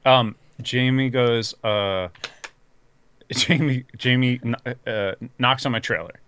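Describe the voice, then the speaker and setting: A man in casual chat, telling an animated story full of swearing and acted-out quotes. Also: mid-range voice, slow pace, a little hiss or hum.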